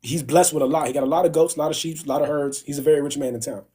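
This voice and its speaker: A man hosting a casual livestream and retelling a story in animated slang, voicing the characters in quick bursts. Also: a little high, husky. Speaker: livestream host. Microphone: phone.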